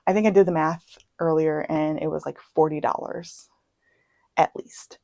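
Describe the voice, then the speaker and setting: Low, gravelly-voiced chatty woman. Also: steady tone, measured pace, pauses often, warm tone, dry recording, poor audio. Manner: chatty, self-deprecating, drops into asides and whispers. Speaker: book vlogger. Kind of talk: casual chat. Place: home.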